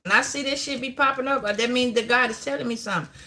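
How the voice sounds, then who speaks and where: Woman, tarot reader, bright voice, cussing, rambling, preachy. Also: fairly high pitch, fast talker. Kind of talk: live-stream tarot reading.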